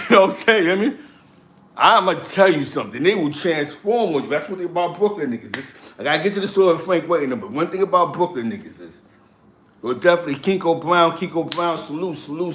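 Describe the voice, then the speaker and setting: A man telling street and prison stories in casual chat, acting out other people's lines with lots of laughter. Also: a little high. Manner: animated, laughing, acts out quotes. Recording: echoey room.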